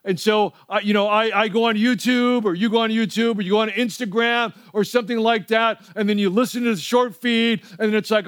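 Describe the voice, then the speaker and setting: A man's voice: high-pitched, steady tone, fairly quick, hardly any pauses, fairly bright tone, smooth, no echo, clean studio sound. A middle-aged male pastor preaching a sermon, telling stories in a conversational way and prompting the audience to respond.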